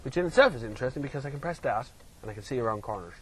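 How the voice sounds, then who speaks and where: A man giving running commentary while driving, excitable and given to whoops and laughter. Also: medium pitch, racing, rough recording. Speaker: car reviewer. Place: inside a moving car. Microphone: in-car mic while driving. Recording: loud car engine and road noise.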